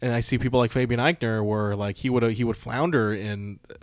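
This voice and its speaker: A man hosting a casual wrestling recap podcast, relaxed, listing match moves with dry asides. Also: medium pitch, fairly quick, dry recording. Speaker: podcast host.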